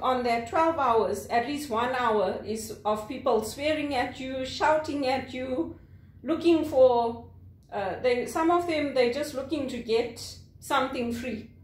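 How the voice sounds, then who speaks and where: A woman from Zimbabwe, talking candidly about call center work, animated, acting out angry callers and laughing often. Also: high voice, roomy sound. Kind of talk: candid personal monologue.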